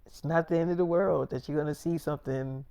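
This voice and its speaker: A man's voice: fairly high pitch, fairly even intonation, fairly quick, creaky, mellow, smooth. Man rambling through a casual freestyle story. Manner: casual, repetitive, loose slang and cursing.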